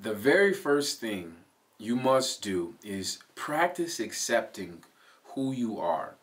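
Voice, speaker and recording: A man's voice: lowish voice, big pitch swings, slow pace, a bit bright. A man giving a motivational self-help talk in an earnest, coaching way. He repeats key phrases and adds "right?" asides to the listener. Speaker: motivational speaker.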